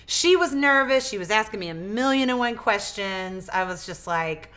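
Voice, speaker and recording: Bright, animated woman telling a story. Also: medium pitch, moderate pace, smooth. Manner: animated, acts out quoted dialogue; repeats and restarts words. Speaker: interview guest, business owner. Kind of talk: casual storytelling interview.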